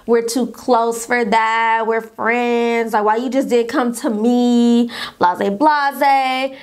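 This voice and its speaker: A young woman tells a story-time tale to her camera. Her voice sits a little high, and she slips into the lines of the people in her story in an animated way. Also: slow, clear, resonant tone. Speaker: YouTuber telling a story.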